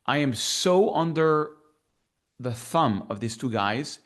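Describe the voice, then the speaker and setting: Animated French-accented man telling his story. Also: medium pitch, takes it slowly. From France. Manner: animated storyteller who acts out remembered dialogue. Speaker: guest. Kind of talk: casual interview storytelling.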